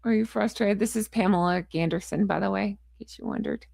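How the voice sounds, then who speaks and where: A woman's voice: mid-range voice, quick pace, creaky, a little mellow, no echo, studio quality. A woman vlogger in casual chat to camera, frustrated, blunt and ranting, with a chatty, rambling sign-off. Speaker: royal commentary vlogger.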